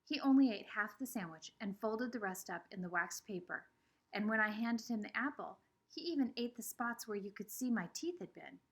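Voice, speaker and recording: A woman's voice: medium pitch, normal speed, breathy edge. A woman reading a children's novel aloud with expression. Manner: expressive, shifting between voices. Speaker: reader.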